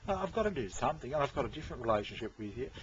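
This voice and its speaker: A man's voice: mid-range voice, very animated, racing. A man in a casual, rambling monologue to his viewers, who repeats himself and swears. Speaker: vlogger talking to viewers. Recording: dull lo-fi with faint noise.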